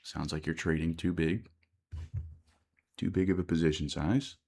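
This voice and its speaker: Casting: American man, very low gravelly voice, live-stream trading commentary, chatty and repetitive. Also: fairly even intonation, normal speed, a little mellow. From United States. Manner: thinks aloud, repeats words, reads chat questions. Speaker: day trader streaming live.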